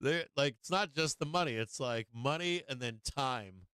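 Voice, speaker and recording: Streaming his market show from home, this middle-aged host chats in a loose, rambling way and calls out viewers by name. He has a medium-pitched, bright, forceful and clean voice at a moderate pace, with a dry recording.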